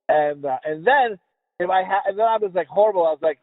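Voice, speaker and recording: A man's voice: a little high, quick pace, no room sound. A man from the US East Coast co-hosting a podcast, rambling and swearing as he tells stories in casual chat, stumbling over his words. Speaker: podcast co-host. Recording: tinny phone-like dry sound.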